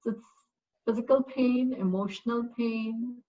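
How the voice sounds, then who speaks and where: A woman's voice: a little high, fairly even intonation, a little slow, lo-fi sound. A middle-aged woman, a parent, giving a casual, reflective personal testimonial with many fillers. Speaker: parent and course graduate.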